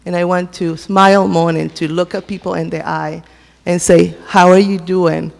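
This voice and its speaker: A woman's voice: on the low side, level tone, vocal fry. Woman w sharing a heartfelt church testimony, lots of restarts, big echoey church. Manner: halting, heartfelt, many restarts. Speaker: church member giving a tribute. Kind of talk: personal testimony at a memorial service. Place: church sanctuary.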